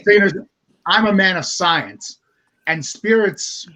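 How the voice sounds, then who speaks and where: A man's voice: high-pitched, animated, slow, a crowd in the background. A man playing a tabletop game, speaking in and out of character with stammers. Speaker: player.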